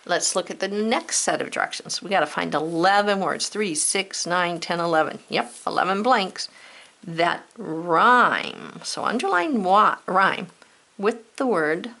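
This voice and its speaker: A woman teacher talks young pupils through a spelling worksheet in a playful, encouraging way, slowing down to sound out each letter. Her voice sits a little low but has a bright, forward tone. A gravelly fry runs through it. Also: expressive. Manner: upbeat, playful, encouraging, sounds words out slowly. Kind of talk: children's spelling lesson.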